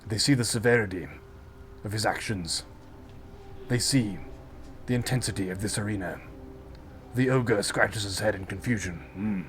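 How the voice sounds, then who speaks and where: A man's voice: fairly low pitch, moderate pace, pauses often, slight background noise. A man game master narrating a tabletop fight dramatically, with spoken sound effects and casual swearing.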